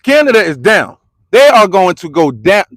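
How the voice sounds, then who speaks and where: A man from the United States with a very high voice rants in a heated street vlog, hammering the same slangy lines again and again. His voice is close and dry on a phone mic, with no room sound. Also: big pitch swings, moderate pace, no echo. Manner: repetitive, slangy, confrontational ranting. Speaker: vlogger and commentator. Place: parked car.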